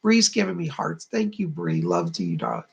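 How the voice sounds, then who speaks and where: A man's voice: a little high, huge pitch swings, moderate pace, creaky, a little mellow, breathy edge. A man hosting a live-stream psychic chat, effusive and chatty, often thanking his viewers. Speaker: psychic and channel host.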